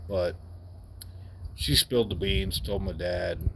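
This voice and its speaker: A man telling a personal story in a candid, wry, unhurried way. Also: sits low, vocal fry, noisy background.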